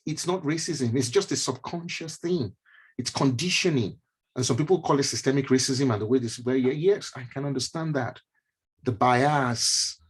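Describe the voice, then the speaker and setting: Over an online stream, a neurologist with a husky, medium-pitched voice gives a conversational mentorship talk with slides. This motivational teaching session has him repeating key phrases and tossing in casual asides.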